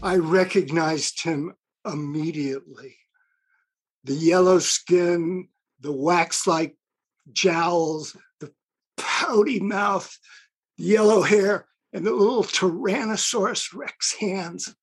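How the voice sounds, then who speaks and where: A woman storyteller telling a story on stage in a deliberate, deadpan way. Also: lowish voice, breathy edge. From Evanston, Illinois, USA. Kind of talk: live storytelling.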